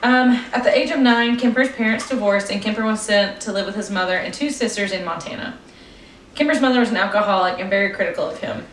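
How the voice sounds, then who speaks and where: Speaking quickly in a mid-range voice, this casual true-crime podcast co-host, a young woman, reads her notes aloud while giggling and tripping over words. She sits at a distance from the mic, so her voice sounds off-axis in an echoey room with faint ambient noise.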